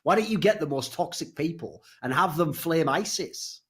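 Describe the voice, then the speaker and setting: A man cracks jokes and tells stories on a podcast, animated and quick to riff. His voice sits a little higher than most men's. He talks in a loose, chatty way. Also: a crowd in the background. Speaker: podcast co-host. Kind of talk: casual podcast chat.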